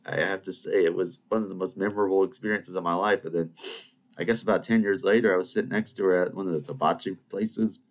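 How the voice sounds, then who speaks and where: A man's voice: low voice, fairly even intonation, fast. A young adult man hosting a podcast, telling meandering personal stories full of restarts and asides. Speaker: podcast host. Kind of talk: rambling anecdotal storytelling.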